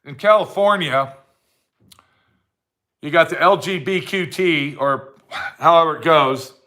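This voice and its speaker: High-voiced man on a slow, blunt rant. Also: sharp tone. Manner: blunt, heated and repetitive. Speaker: vlogger. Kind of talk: ranting monologue to camera.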